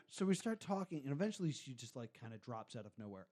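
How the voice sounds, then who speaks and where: A man's voice: mid-range voice, fast talker. A man telling a long personal story in casual podcast chat, swearing and acting out the people in it. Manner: animated, swears, mimics voices in his anecdotes. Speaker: podcast guest.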